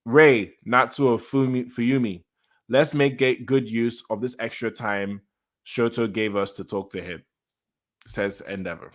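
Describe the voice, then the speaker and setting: A man's voice: on the low side, normal speed. A man reading a comic chapter aloud and reacting to it in casual chat, often repeating his reactions. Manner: reads lines aloud then reacts, repeating himself excitedly. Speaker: manga reaction host.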